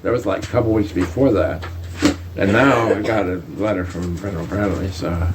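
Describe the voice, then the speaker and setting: A man's voice: sits low, normal speed, noisy background. An older army veteran telling a casual, rambling story with many restarts, his voice lifting whenever he quotes someone. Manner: lively, lifts his voice when quoting others. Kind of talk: casual spoken anecdote.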